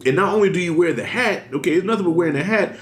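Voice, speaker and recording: Blunt, animated man sounding off in a casual commentary video, with a voice that sits a little high. He pushes hard on his points and leans on slang. The room around him rings with noticeable echo. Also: very fast. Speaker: commentary vlogger. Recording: roomy echo.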